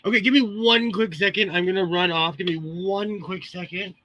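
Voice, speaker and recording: A man's voice: high voice, steady tone, normal speed, fairly bright tone, no room sound. A Californian man hosting a live sewing stream, chatting casually with viewers and laughing often between remarks. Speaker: livestream host. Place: home sewing room.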